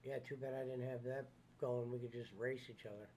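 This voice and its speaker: A man's voice: medium pitch, steady tone, a little fast, a little mellow, slight background noise. A man hosting a casual podcast chat, teasing his co-host with blunt, profane remarks. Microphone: studio microphone.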